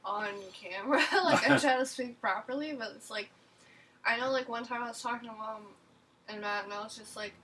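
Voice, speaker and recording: A woman in a casual chat who talks fast and loose, full of fillers, clipping the ends of her words. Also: fairly high pitch, fairly bright tone, distant mic, a little hiss or hum, poor audio. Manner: chatty, filler-heavy, skips word endings.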